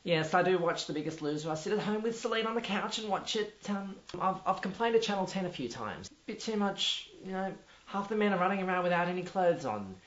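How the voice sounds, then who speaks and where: A man's voice: high-pitched, animated, fairly quick, hardly any pauses, fairly bright tone. A man with an Australian accent playing a pompous, self-important male drama teacher who rambles with many restarts. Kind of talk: mockumentary comedy. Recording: dull lo-fi audio in an echoey room with faint music.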